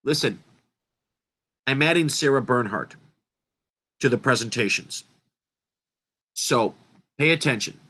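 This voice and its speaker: Slow rambling man giving a lecture. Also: medium pitch, expressive, a bit bright, slightly rough. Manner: rambling and emphatic, self-interrupting. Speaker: presenter. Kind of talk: informal livestream lecture.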